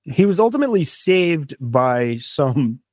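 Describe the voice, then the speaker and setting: A man's voice: on the high side, very animated, a little slow, darkish tone, no echo. A man hosting a casual podcast chat, rambling with enthusiasm and lots of fillers. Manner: chewing a snack while talking. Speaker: podcast host.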